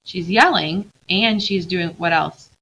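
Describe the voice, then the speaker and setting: A woman teacher reading a novel aloud to her class, expressive, pausing to quiz the students. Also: fairly low pitch, muffled recording, a little hiss or hum.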